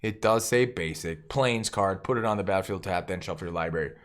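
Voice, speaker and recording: An enthusiastic man hosting a deck review, talking fast and casually with jokes and sudden exclamations. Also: deep voice, fairly bright tone. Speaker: channel host reviewing a card game deck.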